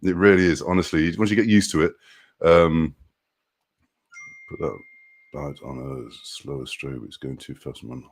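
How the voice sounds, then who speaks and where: A man's voice: a bass voice, moderate pace, long pauses. A man who drives trucks, casually chatting on a live stream, reading out viewer comments, greeting people by name and laughing often.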